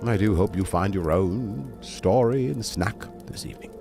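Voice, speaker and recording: A man's voice: fairly low pitch, moderate pace, vocal fry, music in the background. A man reading a bedtime story aloud to a stream, breaking off for chatty, digressing asides.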